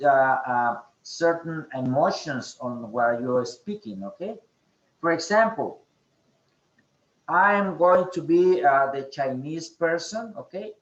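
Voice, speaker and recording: Slow-talking male teacher. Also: a little high, reverberant, dull audio. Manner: slow, repeats "okay?" often, hesitant fillers. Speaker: English teacher. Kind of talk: online class instruction.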